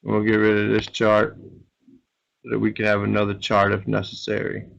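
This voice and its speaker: A man's voice: on the low side, monotone, normal speed, creaky, muffled recording. A man teaching an Arabic grammar lesson, explaining step by step and often checking with "right?".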